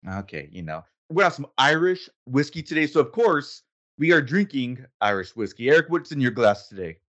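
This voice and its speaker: A man's voice: medium pitch, big pitch swings, normal speed, fairly bright tone, muffled recording. A man hosting a casual podcast, chatting in a playful, teasing way with his co-host. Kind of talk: casual chat.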